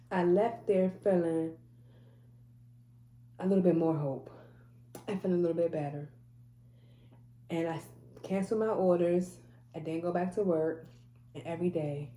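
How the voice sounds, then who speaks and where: A mother shares a personal faith testimony in a casual, emphatic way, often repeating phrases and restarting. Her voice is on the low side and mellow, in an echoey room.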